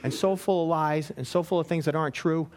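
A man's voice: a little high, brisk, a little hiss or hum. A man giving an informal Bible teaching in a rambling, anecdotal way, with frequent fillers. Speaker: preacher.

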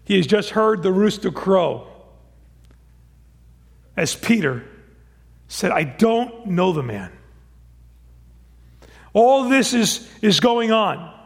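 A man's voice: sits high, big pitch swings, takes it slowly, creaky, long pauses, long reverb tail. A man preaching a sermon and reading scripture aloud, earnest, often repeating words as he builds a point. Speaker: pastor.

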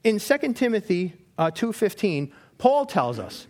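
A man giving a sermon in a lively, storytelling way, asking the same questions again and again. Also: high voice, a little slow. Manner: animated storytelling with repeated questions. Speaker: lay preacher.

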